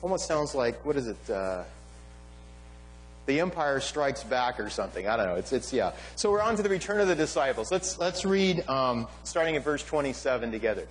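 A man's voice: mid-range voice, normal speed, low-quality recording. A man preaching a sermon, emphatic and conversational, often asking his listeners "right?". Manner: animated, emphatic, with frequent "right?" asides. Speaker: pastor.

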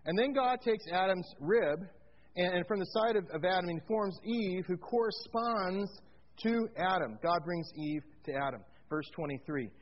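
A man's voice: high-pitched, moderate pace, muffled recording. A man preaching a sermon, walking his congregation through a Bible passage, putting questions to them and slipping in jokes. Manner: animated, asks the congregation questions, tells jokes. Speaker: pastor.

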